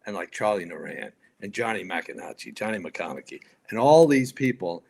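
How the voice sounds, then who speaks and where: A man in his fifties, a retired firefighter and podcast guest, telling stories in a casual, animated, profane way. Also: fairly low pitch, normal speed, creaky, husky. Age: 50s. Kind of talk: casual storytelling.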